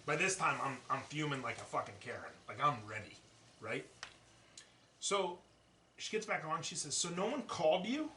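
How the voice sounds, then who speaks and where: A man hosting a podcast, telling a story in a casual, profane, animated way. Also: mid-range voice, moderate pace, pauses often, a little hiss or hum. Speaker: podcast host. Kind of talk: casual chat. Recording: echoey room, distant mic.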